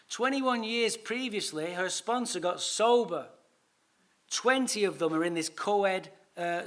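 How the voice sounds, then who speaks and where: Man, recovery speaker, high voice, bright and forceful, animated storytelling, acts out dialogue, swears casually. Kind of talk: storytelling talk at a conference.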